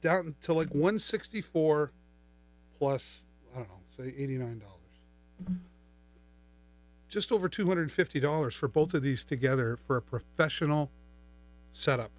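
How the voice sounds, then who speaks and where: This middle-aged man's slightly high voice is animated, moving at a normal speed but broken by long pauses. As host of a live shopping stream, he demos a microphone and mixer with upbeat, playful talk, using a studio mic routed through a mixer.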